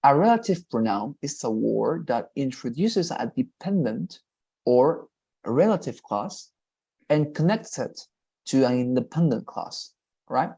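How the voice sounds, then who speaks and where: A man's voice: medium pitch, lively intonation, gravelly, dark tone, slightly rough. Man encouraging English tutor. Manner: encouraging, repeats praise, explains slowly. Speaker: English teacher. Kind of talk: one-on-one online lesson.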